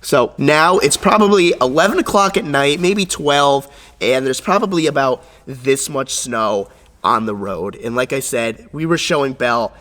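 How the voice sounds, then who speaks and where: A young man vlogging, telling a story in a casual, animated, profane way and acting out the voices of others. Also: mid-range voice, normal speed, in a large hall.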